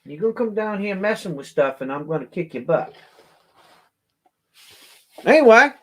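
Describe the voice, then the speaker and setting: Lively, animated man showing off coins. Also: high-pitched, moderate pace. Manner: animated, chatty, exclaims and jokes aloud. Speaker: coin seller hosting a charity auction. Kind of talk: casual show-and-tell video.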